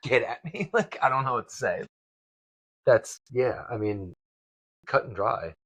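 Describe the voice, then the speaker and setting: A man's voice: medium pitch, lively intonation, unhurried, fairly bright tone, husky, no room sound, poor audio. A man co-hosting a podcast in a blunt, joking way, swearing casually. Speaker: podcast co-host. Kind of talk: casual chat.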